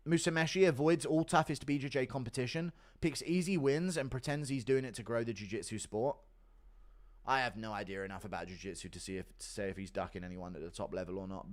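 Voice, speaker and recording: A man hosting a livestream, reading donations in a blunt, crude, offhand way. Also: sits low. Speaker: livestream host. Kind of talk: casual chat reading donations.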